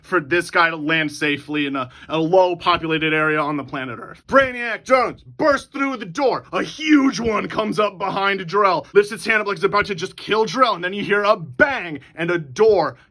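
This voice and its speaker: Man, comedic movie pitch recap, high voice, swears a lot, excitable storytelling. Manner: excitable, profane, rapid-fire recap. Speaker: movie pitch channel host.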